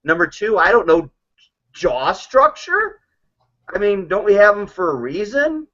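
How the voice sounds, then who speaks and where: Man, slightly high voice, joking storyteller, casual group-call chat, muffled lo-fi audio. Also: expressive, a little fast, fairly bright tone. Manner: joking storyteller acting out quotes.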